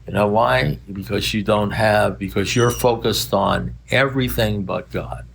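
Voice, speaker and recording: A man's voice: fairly low pitch, unhurried, gravelly, fairly bright tone, a little hiss or hum. An older man speaking at a recovery meeting, telling rambling stories in a wry, blunt manner.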